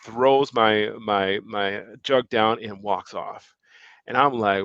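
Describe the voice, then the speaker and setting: A middle-aged man from Milwaukee telling a personal story as a guest, animated and quoting others as he speaks. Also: medium pitch, slow pace, dry recording, muffled recording. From Milwaukee, Wisconsin, USA. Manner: animated storyteller, acts out quoted remarks, laughs between phrases. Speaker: guest, education leader and author. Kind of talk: conversational storytelling.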